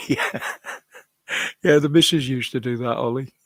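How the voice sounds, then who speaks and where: An older man with a British accent chats casually with viewers from home. He rambles from one topic to the next and chuckles often. His voice sits at an average pitch, recorded dry on a close desk microphone. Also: takes it slowly, no echo. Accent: British English. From United Kingdom. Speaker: live-stream host. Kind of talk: casual chat answering viewers.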